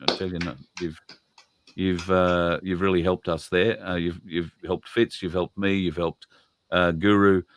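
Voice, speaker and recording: A man's voice: low voice, level tone, unhurried, slight background noise. An Australian man hosting a live stream in a rambling, chatty way, laughing often. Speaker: host. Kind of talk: casual live-stream chat.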